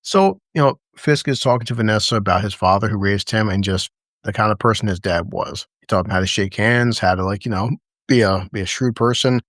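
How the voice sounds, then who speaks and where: A man hosting a casual review chat, excitable and profane, often acting out lines from scenes. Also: on the low side, fairly quick, no echo, clean studio sound. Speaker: podcast host.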